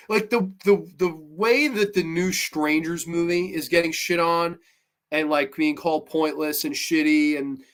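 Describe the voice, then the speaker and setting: A man hosting a horror movie review show, ranting in a blunt, profane and exasperated way, with sudden loud bursts of disbelief. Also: fairly high pitch. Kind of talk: casual solo review rant.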